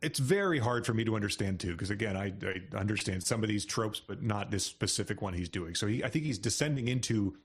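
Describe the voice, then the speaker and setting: Husky-voiced man explaining chattily. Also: lowish voice, animated, a little fast, few pauses. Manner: chatty, explaining, laughs often. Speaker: podcast co-host. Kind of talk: casual book discussion.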